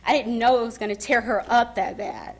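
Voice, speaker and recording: A young woman speaking at a summit and telling her own story in an emotional testimony, softly, with pauses and restarts. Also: fairly high pitch. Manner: soft-spoken and emotional, pausing and restarting. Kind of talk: personal testimony speech. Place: summit event.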